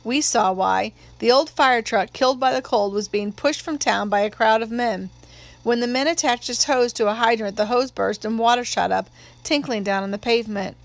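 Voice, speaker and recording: A woman narrating an audiobook with measured, steady pacing. Her voice sits a little above the usual for a woman. She tells the story evenly and plainly. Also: on the high side.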